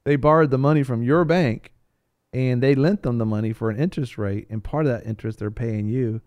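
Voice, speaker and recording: A man with a mellow, warm voice chatting on a talk show panel. He tells rambling, animated stories, often restarting his sentences. The sound is dry and close. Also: medium pitch, brisk, no room sound, highs cut off. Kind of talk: casual chat.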